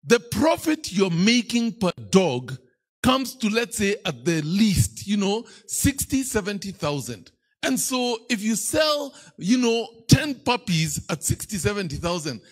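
A man's voice: high voice, very animated, unhurried, faint music behind. A man with a Kenyan accent preaching a sermon as a bishop, telling playful stories and teasing the congregation. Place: church.

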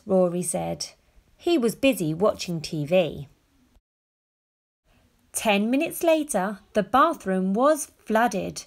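A woman reading a children's picture book aloud, gently and expressively. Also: mid-range voice, sing-song, takes it slowly, vocal fry. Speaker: storyteller.

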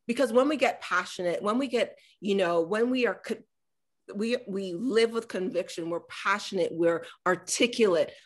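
A woman in her forties, an author talking on a panel over a video call, animated and acting out the voices in her stories. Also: medium pitch. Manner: animated storyteller acting out dialogue. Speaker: author and former politician. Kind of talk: conversational talk on a panel.

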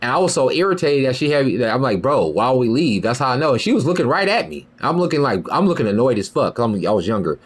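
Young guy rambling on his podcast, cussing, pitch all over the place, always going "you feel me". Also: sing-song, quick pace, hardly any pauses, breathy edge. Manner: rambling, profane, keeps asking "you feel me". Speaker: podcast host. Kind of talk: casual monologue.

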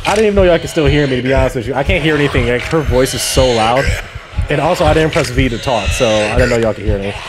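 A man hosting a gameplay video with friends, excitable, laughing and yelling as he plays. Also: mid-range voice, quick pace, background noise. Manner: excitable, yells and laughs while playing. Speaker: gaming channel host. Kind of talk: casual multiplayer gameplay chat.

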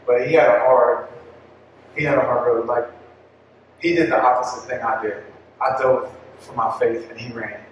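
A man's voice: medium pitch, steady tone, normal speed, long pauses, a little hiss or hum. A young-adult man tells a heartfelt personal story to a parish audience, talking casually with many likes and restarts. His voice rings through a very echoey hall, picked up from a distance. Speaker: parish speaker at a family catechesis talk. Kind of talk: personal testimony talk. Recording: echoey hall, mic far off.

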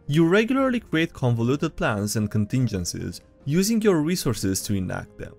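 A man's voice: mid-range voice, huge pitch swings, normal speed, vocal fry, few pauses, a little mellow, soft background music. A man hosting a video, reading and reacting to tabletop game memes in playful, casual commentary and laughing often.

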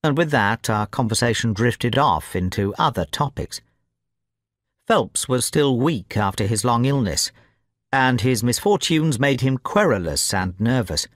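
A man narrating an audiobook in a clear, measured reading pace meant for language learners. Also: medium pitch, lively intonation, no room sound, clean studio sound.

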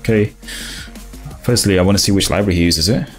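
Deep-voiced man live-coding and chatting. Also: soft background music. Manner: thinks aloud, halting restarts, laughs along with chat. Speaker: coding streamer. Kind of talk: casual live-coding stream.

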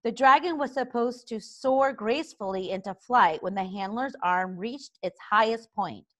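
A woman reading a children's book aloud in an expressive, unhurried way. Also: fairly high pitch. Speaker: story reader.

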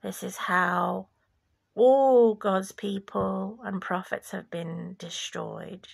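Gravelly, slow-spoken woman preaching intensely. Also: fairly low pitch. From former Yugoslavia. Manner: slow, deliberate, preachy, sometimes dropping to a whisper. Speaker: vlogger. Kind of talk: impassioned religious monologue.

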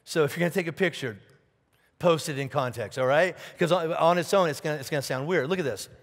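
High-voiced pastor preaching in a reverberant hall. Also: male voice, fast talker. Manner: animated, rhetorical questions and repeated words. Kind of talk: sermon. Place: church auditorium.

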